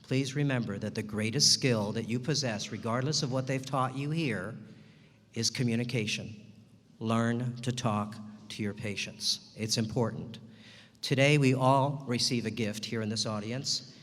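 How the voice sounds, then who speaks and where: A man giving a ceremony speech, telling a story and acting out the dialogue in lively turns. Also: medium pitch, measured pace. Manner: animated storyteller acting out both sides of a dialogue. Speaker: ceremony speaker. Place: large hall. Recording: long hall reverb.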